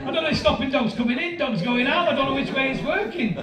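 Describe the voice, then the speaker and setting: Stand-up comic, man, 50s, very high voice, animated shouting, roomy live room. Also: quick pace. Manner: animated storytelling, loud shouting bursts. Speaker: stand-up comedian. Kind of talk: stand-up comedy set. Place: comedy venue with live audience. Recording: roomy live-venue sound from a distance with crowd. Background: audience laughter.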